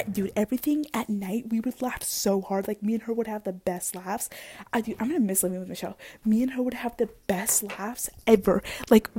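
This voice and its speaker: A woman's voice: fairly high pitch, warm tone, husky, no echo. A young woman hosting a podcast, chatting casually in a rambling way while moving around her kitchen, on a wired headphone mic. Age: young adult. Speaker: podcast host. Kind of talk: casual chat. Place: at home in a kitchen.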